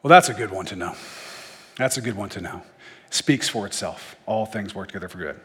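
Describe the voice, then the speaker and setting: Guy with a husky voice doing a laid-back bible study, jokey asides, long echo. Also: on the low side, brisk, a bit bright. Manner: conversational, joking asides. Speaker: Bible teacher. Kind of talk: casual Bible teaching.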